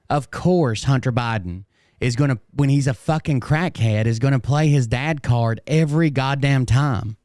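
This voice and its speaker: A man's voice: medium pitch, moderate pace, a little mellow, no room sound, clean studio sound. A man streaming and commenting on clips, blunt and sarcastic and swearing freely, his voice a bit strained. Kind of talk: casual profane commentary.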